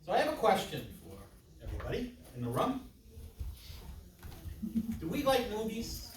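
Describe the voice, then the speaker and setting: A man's voice: high voice, wildly swooping pitch, moderate pace, slight background noise. A man in his sixties giving an interactive conference presentation, chatting and joking with the audience. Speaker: conference speaker. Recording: roomy hall from a distance with audience murmur.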